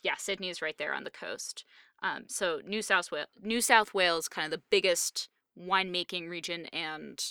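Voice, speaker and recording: Bright, smooth-voiced woman podcast co-host. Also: fairly low pitch, normal speed, no echo, clean studio sound. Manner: chatty and digressive, with many fillers. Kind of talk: casual chat.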